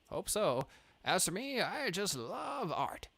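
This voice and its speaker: Guy doing a chatty traveling artist dude, a bit higher than his own voice, friendly, bouncy. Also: very animated, slow, vocal fry, sharp tone, breathy edge, no echo, full character voice. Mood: cheerful. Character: cheerful wandering male artist traveler, chatty.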